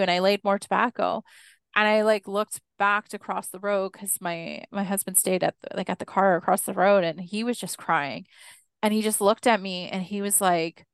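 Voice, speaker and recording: Podcast guest, woman, animated storyteller, clear resonant tone, dry close mic. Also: medium pitch, moderate pace, no room sound. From Canada, Six Nations Mohawk community. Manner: animated storyteller acting out quoted dialogue, laughs often. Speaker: guest, Indigenous educator.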